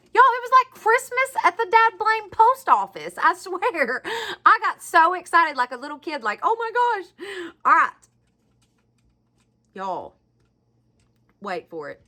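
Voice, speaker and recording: A woman's voice: high voice, pushed and bright. A woman in her thirties with a Southern US accent, chatting casually and gushing to viewers in a craft vlog. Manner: bubbly, gushing, folksy. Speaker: craft vlogger.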